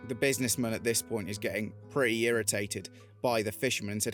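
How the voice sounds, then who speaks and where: A man's voice: on the low side, steady tone, quick pace, a bit bright, faint music behind. A man vlogging in an earnest, motivational way, telling stories and giving advice. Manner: earnest, motivational, retells a parable. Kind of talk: reflective talking-head storytelling.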